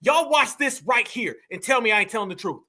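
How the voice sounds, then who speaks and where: A man's voice: very high voice, expressive, a little fast, pushed and bright. A man hosting a reaction commentary show, talking in a heated, confrontational, preachy way and calling his listeners "fam".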